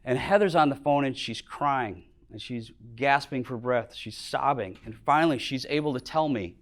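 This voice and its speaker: A middle-aged man from Minnesota speaks as a business owner in a lecture hall, sharing earnest motivational stories at a moderate pace with few pauses. His voice goes low and quiet when things turn emotional.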